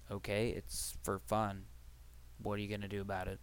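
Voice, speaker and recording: Smooth-voiced man rambling on a podcast. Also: lowish voice, a little fast, no room sound. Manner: rambling, profane, conversational. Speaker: podcast host. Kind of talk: casual solo podcast chat.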